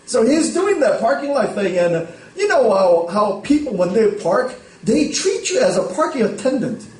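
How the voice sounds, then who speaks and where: Casting: man, pastor, chatty storytelling sermon, fairly high voice, recorded from a distance in a church hall. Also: sing-song, normal speed, darkish tone. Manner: conversational storytelling, frequent "right?" checks. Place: church sanctuary.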